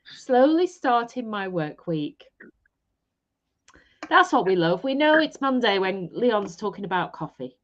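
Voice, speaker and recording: A woman's voice: medium pitch, very animated, unhurried, dull audio. A married woman co-hosting a live stream from a caravan, chatting casually with giggles and playful teasing. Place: caravan in mid Wales, rain outside.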